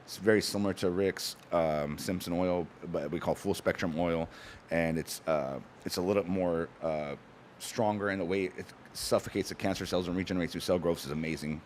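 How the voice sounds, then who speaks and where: A man on a talk show, telling stories in a fast, animated, casual way with frequent restarts. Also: low voice, slight background noise. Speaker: guest, cannabis company founder. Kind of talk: casual chat.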